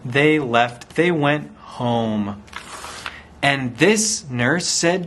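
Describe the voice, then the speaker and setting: A man's voice: a little high, animated, very slow, fairly bright tone. A man teaching a language by reading a picture story aloud, repeating simple phrases and acting out sounds. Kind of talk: slow storytelling for language learners.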